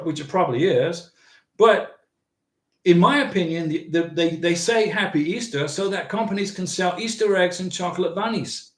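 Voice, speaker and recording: A man's voice: sits high, reverberant. A man hosting a casual livestream, rambling and answering viewers' chat comments. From United States. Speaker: livestream host.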